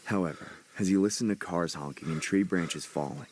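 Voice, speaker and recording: A man's voice: low-pitched, fairly quick, a little mellow, a little hiss or hum. A man narrating a horror story in a dramatic scripted style. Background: music.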